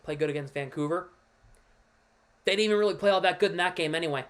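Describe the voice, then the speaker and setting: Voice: mid-range voice, quick pace. A livestream host and devoted hockey fan giving casual, emphatic commentary, walking viewers through a play on screen and ranting about the team's losses.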